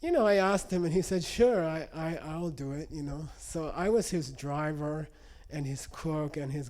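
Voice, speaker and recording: A man teaching meditation to an audience, telling stories in an animated way and checking in with frequent questions. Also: fairly high pitch. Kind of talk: spoken teaching with anecdotes.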